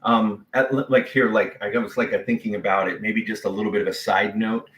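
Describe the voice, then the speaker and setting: A man's voice: on the low side, fairly even intonation, brisk, fairly bright tone. A man pastor preaching a sermon in a conversational way, full of fillers and restarts. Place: church sanctuary. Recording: echoey church sanctuary.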